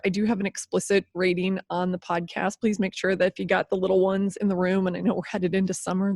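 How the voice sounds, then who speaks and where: A woman in her fifties hosts her own podcast alone, speaking candidly with lively, animated energy. She laughs easily and swears without apology. Her voice sits at an ordinary pitch, recorded close and dry in a small room. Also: dry recording. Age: 50s. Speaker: podcast host. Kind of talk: solo podcast monologue.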